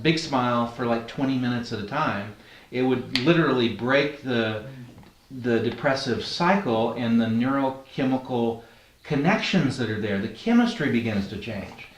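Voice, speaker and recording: An NLP trainer teaches a class of adults in a roomy training hall where his voice carries with some echo. His pitch is middling and his manner relaxed and conversational, and he keeps posing questions to the group.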